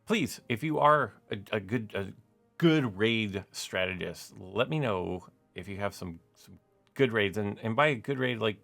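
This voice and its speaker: A man's voice: fairly low pitch, animated, a little slow, vocal fry, fairly bright tone, faint music behind. A man giving casual, rambling gameplay commentary as a gaming YouTuber, full of "like" and "uh" fillers.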